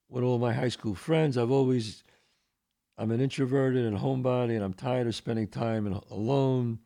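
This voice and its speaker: Middle-aged New host, gravelly voice, casual storyteller who acts out the voices. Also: male voice, mid-range voice, mellow. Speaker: podcast host. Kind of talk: casual storytelling and answering listener questions.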